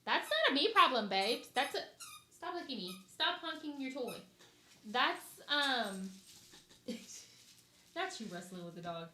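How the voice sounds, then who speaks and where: Her voice sits high and unhurried, broken by long pauses, as the young podcast host rants about planning her wedding. She's blunt and animated, and the recording has an echoey room sound.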